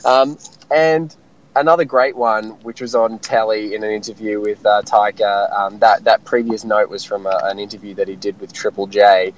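Excited man on radio. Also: lowish voice, moderate pace, muffled recording. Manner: excited, rambling with fillers. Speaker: film critic guest. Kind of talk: casual radio chat.

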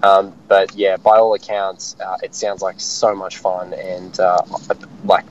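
An excited man, a film critic chatting casually on radio with plenty of fillers. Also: deep voice, measured pace, muffled recording, a little hiss or hum.

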